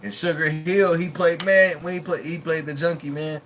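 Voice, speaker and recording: A man's voice: on the high side, steady tone, normal speed, a bit bright, slight background noise. A man hosting a reaction video in a chatty, casual way, laughing often and quoting movie lines.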